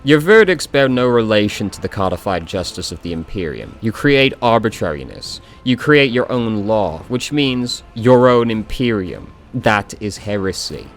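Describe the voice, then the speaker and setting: A stern woman accuser speaks formally and slowly, voiced by a man reading game text. The tone is lowish and measured. Faint music plays underneath. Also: big pitch swings. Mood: accusing.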